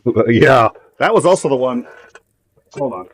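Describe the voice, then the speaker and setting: A man's voice: medium pitch, lively intonation, moderate pace, husky. A man hosting a live show, telling a story in rambling, profane casual chat full of fillers. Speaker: host.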